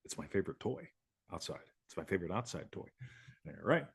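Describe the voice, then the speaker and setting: A man's voice: deep voice, sing-song, brisk, creaky, slightly rough, no room sound, studio quality. A man hosting a live show, talking casually in a rambling way, swearing and laughing often. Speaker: host.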